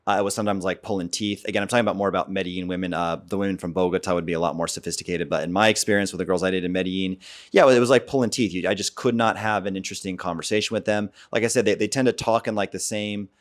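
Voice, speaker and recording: A man's voice: sits low, fairly even intonation, racing. An American man ranting bluntly and off the cuff as the host of a dating vlog, opinionated and rambling. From United States. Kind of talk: casual off-the-cuff vlog rant.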